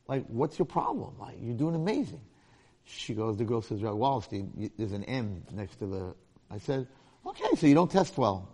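A man's voice: mid-range voice, darkish tone. A middle-aged man, a rabbi and longtime teacher, giving an informal Torah lecture, telling stories and acting out the voices of the people in them. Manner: storytelling with acted-out voices and jokes.

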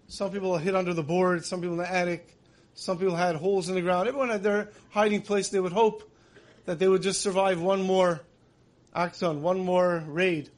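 A man giving a sermon, telling stories in an earnest way that builds emotion. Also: sits high. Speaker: religious teacher.

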